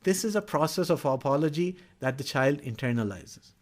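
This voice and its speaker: Earnest man explaining gently, slightly high voice. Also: lively intonation, normal speed. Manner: earnest, acts out parent-child dialogue in quoted voices. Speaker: educator speaking on child development. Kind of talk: explanatory talk.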